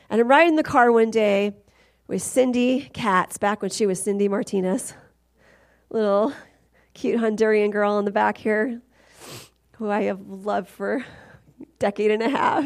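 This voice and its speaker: Middle-aged woman preacher, slightly high voice, animated storytelling sermon. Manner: animated storytelling, swings loud and high at climaxes. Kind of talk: testimony sermon.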